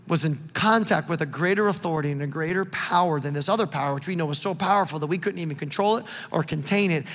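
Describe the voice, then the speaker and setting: A male pastor preaching a sermon in an animated, conversational way. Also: on the high side, big-room sound. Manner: animated, conversational preaching with repeated calls to look.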